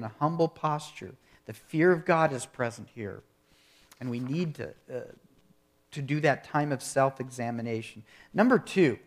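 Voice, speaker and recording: A man delivers a sermon at a mid-range pitch. He speaks earnestly and at a measured pace, often posing rhetorical questions to his listeners. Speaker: preacher.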